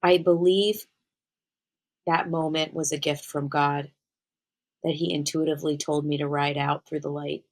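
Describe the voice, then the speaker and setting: A woman with a low voice tells a personal story as a spiritual medium. She sounds earnest and speaks straight to her listeners. She slows down to lean on the words that matter. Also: little pitch movement, low-quality recording. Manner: earnest, addresses listeners directly.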